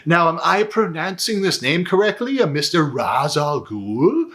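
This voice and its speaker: A man voicing a ditzy old society lady who gushes in a high, fluttery voice. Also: very animated, measured pace, fairly bright tone. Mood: gushing.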